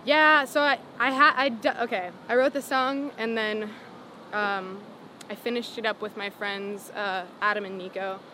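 A young woman, a singer-songwriter, telling her story in a casual interview, full of "like" and "um" and animated retellings. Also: mid-range voice, moderate pace, slight background noise. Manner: rambling, lots of "like" and "um", animated retelling.

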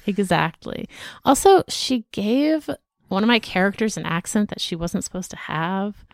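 A woman with a mid-pitched voice and a gravelly edge chats casually on a podcast, wry and laughing easily. The sound is dry and close. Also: very animated, moderate pace, dry recording. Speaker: podcast co-host and author. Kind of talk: casual chat.

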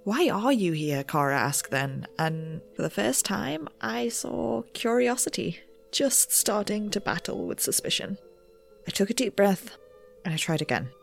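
A young researcher, played by a woman narrates her own misadventures in an audio drama. She rambles, trips over her words and pokes fun at herself. Her pitch sits in the middle, with faint music behind her. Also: expressive, measured pace, vocal fry. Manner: rambling and self-deprecating. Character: nervous, rule-bending young woman researcher.

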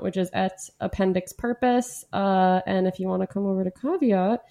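A woman's voice: mid-range voice, creaky, a little mellow. A woman who is a comedian, a guest on a comedy podcast, talking in a rambling, playful way with many fillers.

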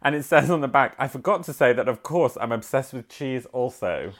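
A woman's voice: extremely low pitch, animated, fairly quick. A woman co-hosting a podcast, chatting casually and reading listener letters aloud with lots of giggles. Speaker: podcast co-host.

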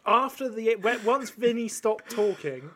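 A man's voice: extremely high pitch, animated, a little slow, noisy background. A man hosting a podcast who asks the others questions in a dry, wry way. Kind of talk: casual chat.

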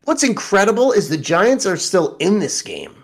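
A man with a high, sing-song voice and some vocal fry talks at normal speed while co-hosting a podcast. He chats casually about football, blunt and swearing, and jokes about his team.

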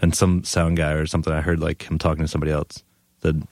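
A man's voice: extremely low pitch, level tone, fast talker, darkish tone, no echo, clean studio sound. A young man, a guest, telling laid-back stories in casual chat, laughing often.

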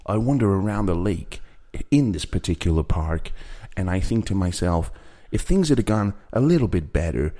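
A man's voice: low voice, big pitch swings, moderate pace, few pauses, mellow. A man doing a comic impression of a cheesy male celebrity describing his favourite park, in a self-satisfied, mock-earnest way. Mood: smug. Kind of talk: comic impression on a fan podcast.

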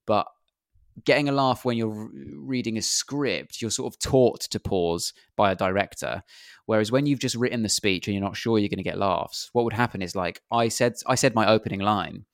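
Young English male comedian, low voice, dry sound, self-deprecating storyteller. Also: normal speed, vocal fry, no room sound. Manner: self-deprecating, rambling anecdotes. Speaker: comedian guest. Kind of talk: casual interview chat.

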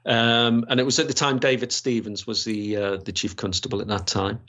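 A man's voice: on the low side, level tone, normal speed, fairly bright tone. A man, a retired police officer recounting his career in a rambling way, with many restarts and fillers. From Gateshead, England. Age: 60s. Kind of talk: storytelling interview. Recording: slightly dull, lo-fi sound.

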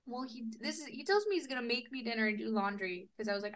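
Animated young woman telling stories. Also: a little high, fast. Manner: animated storytelling, swears freely, laughs often. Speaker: podcast co-host. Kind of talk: casual chat.

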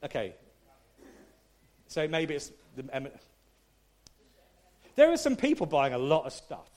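A man's voice: fairly high pitch, huge pitch swings, measured pace, a little mellow. Man preaching a casual sermon. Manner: conversational, self-deprecating preaching with audience asides. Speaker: pastor.

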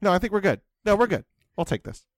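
A man's voice: high voice, sing-song, fast talker, dry recording. A man on a comedy podcast rambles through an improvised bit, constantly restarting his sentences. His voice rises and falls widely, recorded dry and close. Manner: rambling, self-interrupting, laughing. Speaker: podcast co-host.

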